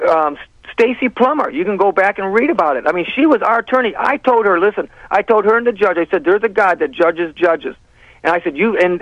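An earnest man speaks as a guest on a radio interview, halting and restarting as he goes. His voice sits fairly high. The sound is dry and muffled, with dulled highs. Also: dry recording. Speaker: guest, parent and sheriff candidate.

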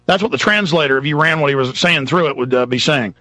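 A man's voice: on the high side, fast, sharp tone, no room sound. A man hosting a talk radio show, ranting in a rambling, dramatic monologue.

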